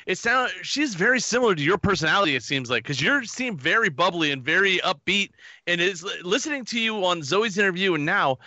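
A man's voice: sits high, lively intonation, brisk, bright, forceful tone, dry recording. A man co-hosting an interview, talking in a friendly, chatty way. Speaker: podcast co-host. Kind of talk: casual interview chat.

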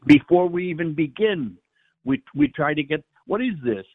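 A man, a priest, reflecting on the Mass in a halting way, often repeating words as he searches for them. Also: a little high, big pitch swings, no room sound. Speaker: priest guest. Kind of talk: reflective conversation on faith. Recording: dry tinny phone-like line.

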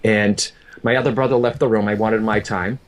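A man's voice: on the low side, fairly even intonation, normal speed. A man who works as a medium, telling an emotional personal story in an earnest, repetitive way and often addressing the host by name.

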